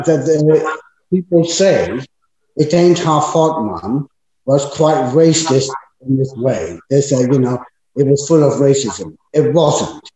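A man's voice: medium pitch, mellow. An older man, an actor, telling chatty anecdotes about his past work in an interview. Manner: chatty, anecdotal storytelling with frequent fillers. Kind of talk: reminiscing interview. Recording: echoey, dull-sounding room.

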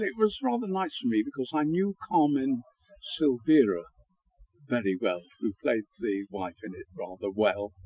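A man's voice: mid-range voice, husky, low-quality recording. An older man, an actor answering interview questions and recalling past work, with many ums and uhs. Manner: hesitant, full of ums and uhs, gentle and chatty.

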